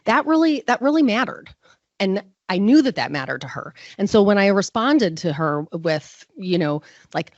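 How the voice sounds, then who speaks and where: A woman's voice: medium pitch, sing-song, normal speed, dry recording, highs cut off. A woman giving a live conference talk, chatty and self-deprecating, full of fillers. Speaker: conference presenter.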